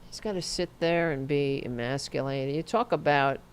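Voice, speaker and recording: A woman's voice: sits low, moderate pace, slight background noise. A middle-aged woman hosting a political commentary stream, ranting in a profane, sarcastic way. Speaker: host.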